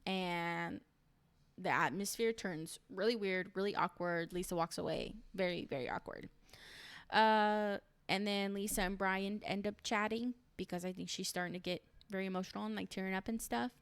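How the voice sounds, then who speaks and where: A woman's voice: medium pitch, normal speed, clear, resonant tone, no room sound. A woman recapping a reality show in casual, opinionated chat, full of "like" and "um". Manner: chatty and opinionated, lots of "like" and "um".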